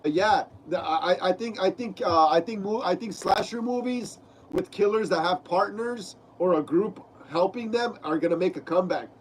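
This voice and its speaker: Broadcasting casually from his home room, a congested young man with a cold reads chat out loud and leans heavily on "bro." He speaks at a moderate pace in a high voice, with slight background noise.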